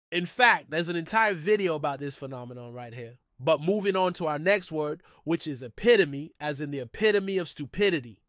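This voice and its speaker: Man, slightly high voice, dry close sound, upbeat explainer, scripted lesson. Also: fairly bright tone, dry recording. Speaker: English pronunciation presenter. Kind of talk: scripted educational narration.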